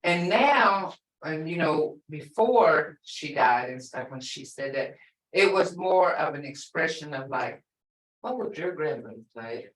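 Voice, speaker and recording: A woman's voice: deep voice, lively intonation, takes it slowly. An older woman teaching a language class, explaining patiently and repeating words, often with a laugh. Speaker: language instructor. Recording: echoey room, far from the mic.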